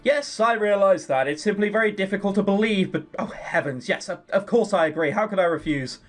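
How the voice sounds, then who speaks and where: A man's voice: sits high, fairly quick, faint music behind, voice pushed up, close to an everyday voice. A man reading the lines of a nervous young servant girl who babbles self-consciously. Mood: flustered.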